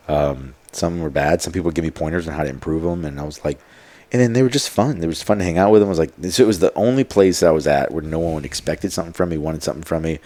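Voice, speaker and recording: A man's voice: a bass voice, a little mellow. A man telling stories as a podcast guest, in a rambling casual way full of fillers and quoted asides. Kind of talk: casual storytelling.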